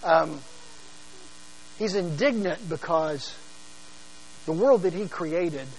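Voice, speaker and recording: A man's voice: a little high, lively intonation, slow, slight background noise, poor audio. A man preaching in a conversational Bible study style, with frequent fillers and restarts.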